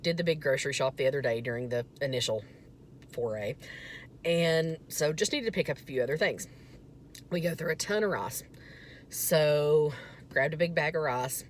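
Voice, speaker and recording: A young woman with a low voice that swings widely up and down as she talks. She is chatty and self-mocking, with a faint hum of room noise behind her. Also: moderate pace, long pauses. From Southern United States. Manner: animated, self-mocking and chatty, turning earnest at the end. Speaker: vlogger. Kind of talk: casual storytelling vlog.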